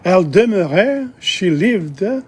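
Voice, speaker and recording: A man teaching a language lesson, reading a dialogue line by line and translating it, chatty and halting with frequent asides. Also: high-pitched, lively intonation, a little mellow, slightly rough.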